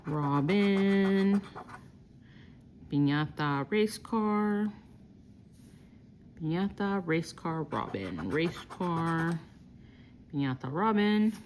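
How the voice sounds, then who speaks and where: A woman hosting a casual vlog, reading out scratch-off symbols slowly one by one. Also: mid-range voice, a little hiss or hum. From Texas. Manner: slow, reads out symbols one by one while scratching. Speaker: lottery scratch-off vlogger.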